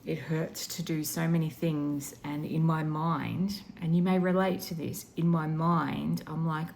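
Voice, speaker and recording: A woman intuitive healer speaking in a soft, reflective and emotional way about her spiritual practice. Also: deep voice, fairly even intonation, measured pace, gravelly, hardly any pauses, a little hiss or hum.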